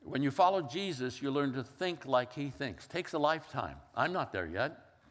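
Older preacher in a reverberant hall. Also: male voice, medium pitch, lively intonation, moderate pace. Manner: storytelling, conversational with acted-out quotes. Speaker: pastor. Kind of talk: sermon.

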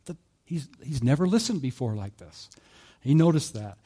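A man preaching a sermon in a relaxed, conversational way, telling a story with fillers and small chuckles. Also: mid-range voice, moderate pace, breathy edge. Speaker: pastor.

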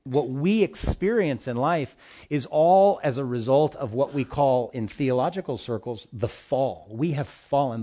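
A male pastor preaching a sermon, addressing the congregation directly with emphatic swings between loud and soft. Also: medium pitch.

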